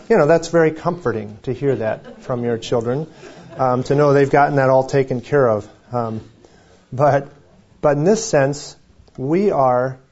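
A man's voice: medium pitch, darkish tone. An older man preaching a sermon as pastor, talking in a conversational, folksy way with jokes and scripture readings. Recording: slightly dull lo-fi recording.

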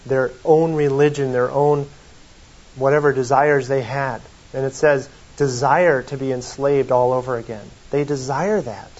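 A man's voice: medium pitch, a little mellow, dull audio. Man preaching in a folksy, conversational tone. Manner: conversational, folksy, reads quotations aloud. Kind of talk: sermon.

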